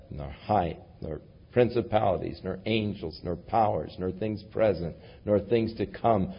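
A male pastor delivering a sermon with emphatic swings between booming declarations and hushed passages. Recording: dull lo-fi recording.

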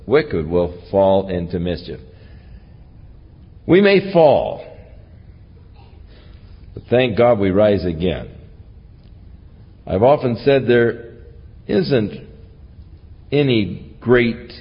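A man preaching a sermon, teaching earnestly from scripture. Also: breathy edge. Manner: slow, earnest Bible teaching with lively rises in pitch. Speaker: pastor. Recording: lo-fi recording with long hall reverb.

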